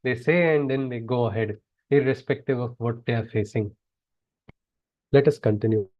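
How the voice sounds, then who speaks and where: A man's voice: medium pitch, moderate pace. Man teaching scripture over a dull call. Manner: earnest, chants verses then explains them. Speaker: spiritual teacher. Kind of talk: scripture discourse. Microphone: video call.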